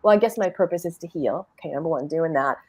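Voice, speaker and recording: Middle-aged woman on a podcast panel, chatty and expressive, lots of restarts. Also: sits low, fast. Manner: animated and conversational, with frequent restarts, laughs and quoted inner dialogue. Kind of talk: candid personal storytelling.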